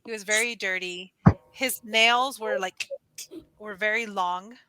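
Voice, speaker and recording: This rough, echo-free clip has a woman talking a little slowly as she tutors English by video call. Her casual lesson is animated storytelling, peppered with "like," with quotes performed in high squeals.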